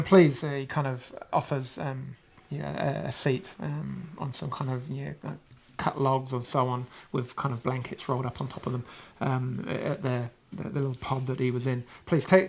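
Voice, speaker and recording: A New Zealand–accented game master narrates a tabletop game in a medium-pitched, slightly bright voice, rambling with many pauses and restarts over slight background noise.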